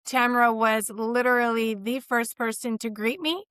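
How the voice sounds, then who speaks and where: A woman's voice: a little high, fairly even intonation, normal speed, a bit bright, smooth, no room sound. A woman co-hosting a real estate podcast, giggly and effusive, her voice a little strained. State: losing her voice. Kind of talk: casual podcast chat.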